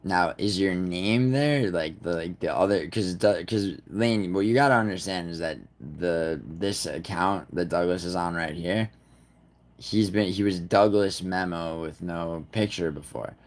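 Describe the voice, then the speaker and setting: A man's voice: low-pitched, measured pace. A man hosting a livestream in a rambling, profane way, talking straight to his chat. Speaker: livestream host. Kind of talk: casual livestream chat with viewers.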